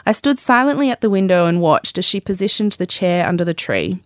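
Australian woman, memoir reader, low-pitched voice, close and dry, wry and candid. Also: expressive, a little fast, dry recording. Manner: wry, candid narration with joking asides. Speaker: host reading her memoir. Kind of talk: memoir read aloud.

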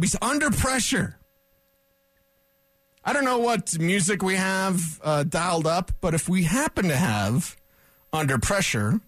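Sports radio host, male, opinionated rant, high pitch, dry close studio sound. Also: no echo. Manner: animated, opinionated ranting. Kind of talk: sports talk radio monologue.

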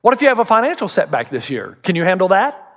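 Lively, high-pitched male pastor preaching. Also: fast talker. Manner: animated and humorous, acting out quoted voices. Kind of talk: sermon.

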